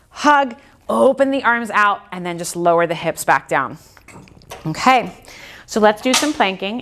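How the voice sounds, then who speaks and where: A woman's voice: medium pitch, fairly bright tone. A woman leading a Pilates reformer workout, calling breaths and counts in an encouraging way, sometimes out of breath. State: out of breath at times. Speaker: Pilates instructor. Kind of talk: guided workout instruction.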